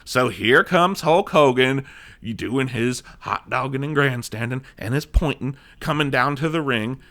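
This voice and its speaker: A man's voice: mid-range voice, measured pace, fairly bright tone. A man co-hosting a podcast in casual chat, swearing freely and ranting with many restarts. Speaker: podcast co-host.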